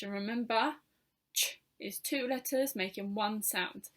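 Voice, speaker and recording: A woman teaching a phonics lesson to young children, sounding out each letter slowly and clearly with patient encouragement. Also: medium pitch, fairly bright tone. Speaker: primary school teacher.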